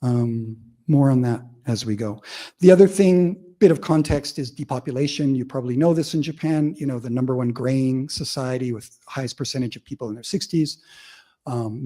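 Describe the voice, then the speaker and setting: A man's voice: mid-range voice, mellow. A man giving an informal academic lecture, chatty and often laughing.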